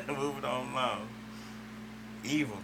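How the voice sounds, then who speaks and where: A man's voice: mid-range voice, takes it slowly, vocal fry, background noise. A man co-hosting a casual radio chat, laid-back and teasing, still getting over a cold. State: lingering cold. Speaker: radio co-host.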